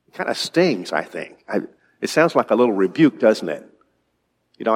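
A man's voice: fairly low pitch, very animated, normal speed, long pauses, a little mellow. A male preacher giving an evening sermon in a conversational way, asking his congregation questions. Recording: long reverb in a large hall.

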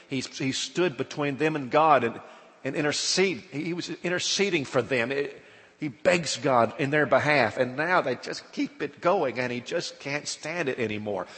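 Preacher with long hall reverb. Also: male voice, mid-range voice. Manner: dramatic retelling, acts out quoted speech with rising loudness. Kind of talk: sermon.

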